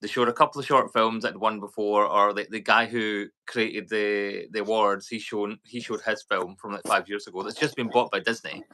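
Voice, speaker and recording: Bright-voiced Scottish man, rambling chat. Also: on the low side, normal speed, few pauses. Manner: rambling, animated storyteller. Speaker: podcast co-host. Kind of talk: casual chat.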